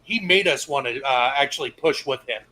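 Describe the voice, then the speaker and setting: A man's voice: medium pitch, lively intonation, a little fast, pushed and bright, low-quality recording. A young man co-hosting a casual stream, telling laid-back stories and swearing freely. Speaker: stream co-host. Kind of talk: casual storytelling chat.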